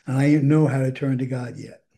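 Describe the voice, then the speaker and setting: A man's voice: mid-range voice, steady tone, fairly quick, creaky, dark tone. An older man giving a candid, rambling recovery share, chuckling often as he talks. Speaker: recovery program speaker.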